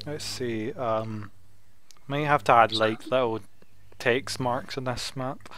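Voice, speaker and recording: A man's voice: medium pitch, steady tone, takes it slowly, noisy background. A man running a tabletop game as dungeon master, loose and swearing as he reads through the adventure aloud.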